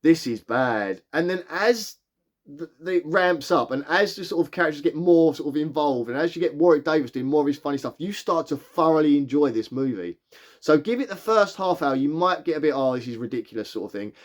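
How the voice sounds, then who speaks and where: A man chats through a film review in a casual vlog. His voice sits a little high and races along. He rambles with enthusiasm, piling on fillers and restarts. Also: a little fast. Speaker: movie reviewer.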